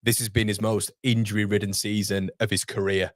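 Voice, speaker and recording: A man's voice: fairly low pitch, little pitch movement, brisk, dry recording, clean studio sound. A young man, hosting a casual livestream and chatting through viewer comments with self-deprecating asides. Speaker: host. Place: home streaming studio.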